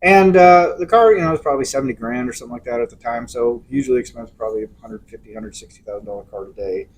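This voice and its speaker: A man's voice: mid-range voice, quick pace, slight background noise, poor audio. A middle-aged man telling a long anecdote in casual podcast chat, acting out quotes along the way. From Los Angeles area. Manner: rambling anecdotal storyteller, acts out quotes. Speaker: podcast co-host.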